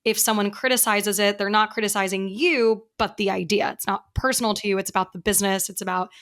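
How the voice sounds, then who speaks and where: A woman's voice: medium pitch, fairly even intonation, quick pace, fairly bright tone. A woman hosting a podcast interview, earnest and conversational, with frequent "you know" fillers. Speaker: podcast host.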